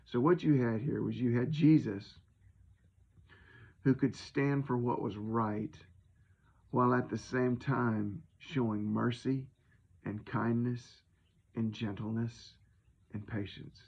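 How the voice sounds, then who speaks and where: A man's voice: medium pitch, steady tone, slow pace, gravelly, long pauses, a little mellow, slightly rough, lo-fi sound. A man giving an informal, folksy sermon, retelling scripture in his own conversational words. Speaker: preacher.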